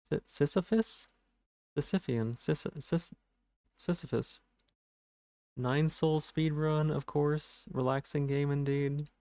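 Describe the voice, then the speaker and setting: A man's voice: a little high, fairly even intonation, takes it slowly, pauses often, mellow, no room sound, clean studio sound. A man streaming a game live, chatting casually with his viewers in a rambling, self-deprecating way, and stuttering on some words.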